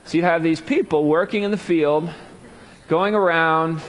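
A man giving a conversational Bible teaching, casual in his asides and animated when he reads scripture aloud. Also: on the high side, normal speed. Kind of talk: conversational sermon. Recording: long hall reverb.

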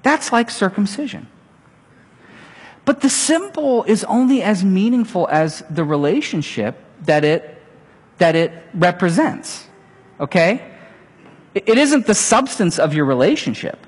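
A man's voice: sits high, a little slow, slightly rough. A middle-aged man preaching a sermon, telling stories and acting out little voices as he goes. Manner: animated, storytelling with acted-out voices. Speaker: pastor. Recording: long hall reverb.

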